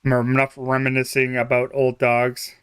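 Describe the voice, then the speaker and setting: A man's voice: mid-range voice, monotone, a little fast, a bit bright, smooth, no room sound, clean studio sound. A young man chatting casually on a game live stream, rambling, chuckling often and trailing off mid-thought. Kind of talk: casual live-stream chat while playing.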